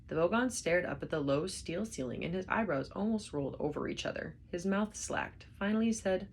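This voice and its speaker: A woman reading a novel aloud with expressive storybook narration. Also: on the low side, a little fast, gravelly, hardly any pauses, a little hiss or hum. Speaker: reader.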